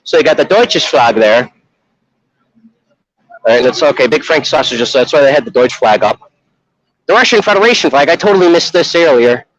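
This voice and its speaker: A man's voice: mid-range voice, lively intonation, brisk, long pauses, a bit bright, no echo. A man chatting casually on a walking livestream at an outdoor festival, laughing often and slipping into mock voices for his stories. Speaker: streamer. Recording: dull lo-fi livestream audio.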